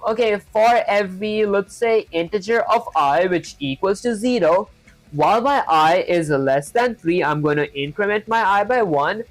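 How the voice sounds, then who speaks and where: A woman with an accent hosting a live coding stream, talking through her code step by step and greeting viewers. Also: fairly low pitch. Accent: non-native English accent. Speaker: coding livestream host. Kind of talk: live coding tutorial, thinking aloud.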